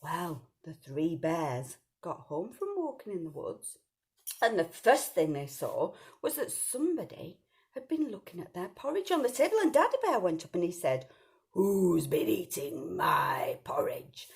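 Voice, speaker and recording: A woman's voice: lowish voice, very animated, moderate pace, a little mellow. A woman telling a children's story, sing-song and asking the listeners questions.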